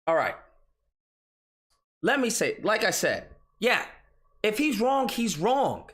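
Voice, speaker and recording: A man's voice: high-pitched, wildly swooping pitch, takes it slowly, fairly bright tone. A young man hosting an online commentary show, ranting in a casual, exasperated and profane way. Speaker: political commentary host.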